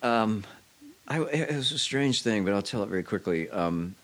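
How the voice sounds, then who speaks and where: A man's voice: fairly low pitch, expressive, normal speed, a bit bright. A man telling a long story as an interview guest, casually and wryly, with frequent restarts. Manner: rambling, restarts often, wry.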